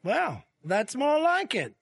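A man's voice: very high-pitched, huge pitch swings, slow pace, gravelly, breathy edge, no echo, heavily acted. A man voicing a playful cartoon dog father, going along with his kids' pretend games. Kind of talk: animated cartoon voice acting.

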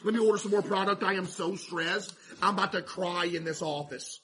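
Male game streamer, high and bright voice, dramatic fake-stressed chatter to chat. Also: a little fast, a little hiss or hum. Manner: animated, mock-stressed, talks to chat. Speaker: streamer playing a laundromat game. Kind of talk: casual gameplay commentary to chat.

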